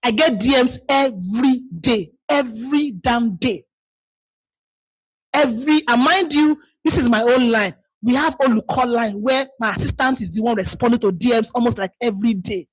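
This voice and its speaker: A woman's voice: fairly high pitch, normal speed, slightly rough, no room sound, poor audio. A woman with a Nigerian accent leading an online community call, talking bluntly and scolding her listeners. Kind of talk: live call talk to members.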